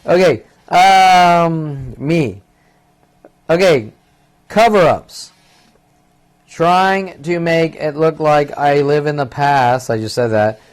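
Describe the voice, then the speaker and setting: Man in his fifties, slightly higher voice, agitated and profane, rambling and repetitive solo vlog. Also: slow pace, smooth. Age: 50s. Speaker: vlogger. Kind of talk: rambling monologue.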